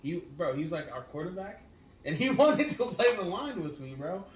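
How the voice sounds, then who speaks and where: A man co-hosting a casual podcast, telling stories in a laid-back, profane way that gets loud when he is excited. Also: high voice, normal speed, dull audio. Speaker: podcast co-host. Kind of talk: casual storytelling chat. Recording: echoey room, mic at a distance, noisy.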